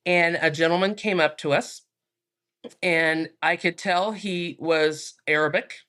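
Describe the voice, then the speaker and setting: A woman, a minister and podcast guest, calmly telling a personal story with frequent fillers. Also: lowish voice, measured pace. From United States.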